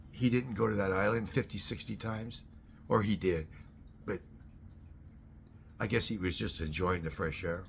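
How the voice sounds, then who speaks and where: A man delivering a blunt, profane ranting monologue that keeps flaring into loud outbursts. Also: fairly low pitch, a little hiss or hum. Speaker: host.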